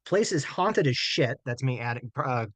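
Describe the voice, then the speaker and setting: A man in loose, profane casual chat as a guest, joking and quick to laugh while reading ghost stories aloud. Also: medium pitch, expressive, dry recording. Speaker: guest co-host.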